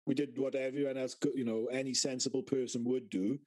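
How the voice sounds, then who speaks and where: A man's voice: mid-range voice, fairly even intonation, brisk, a little mellow, poor audio. A British man co-hosting a podcast, telling rambling stories in casual chat and swearing a lot. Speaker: podcast co-host.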